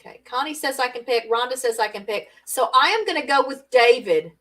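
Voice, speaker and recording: A woman's voice: on the high side, expressive, brisk, a bit bright, distant mic, poor audio. A woman hosting a casual live-stream party game, chatty and laughing often as she reads out viewer comments.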